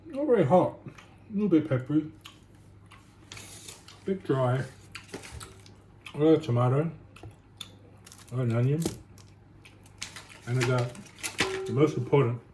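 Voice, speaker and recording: A man's voice: mid-range voice, dark tone. Rambling man in a noisy kitchen. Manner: rambling, chatty, thinks aloud with restarts. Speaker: home cook vlogger. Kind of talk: casual cooking chat. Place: home kitchen. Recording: noisy home recording.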